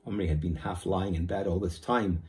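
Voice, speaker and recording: A male primary school teacher reading a children's novel aloud in a lively, expressive way. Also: low voice, moderate pace.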